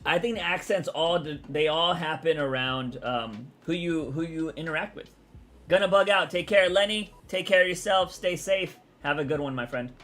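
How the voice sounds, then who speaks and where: A man's voice: a little high, normal speed, fairly bright tone. A man from Texas, rambling casually as he answers chat on his live stream. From Texas, USA.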